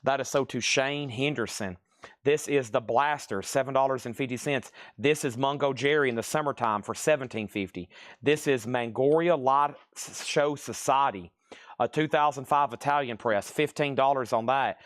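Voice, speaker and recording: A man hosting a live-streamed record sale, listing items at a rapid clip and slipping into playful sales pitches. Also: no room sound, clean studio sound. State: out of breath. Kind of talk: live-stream auction patter.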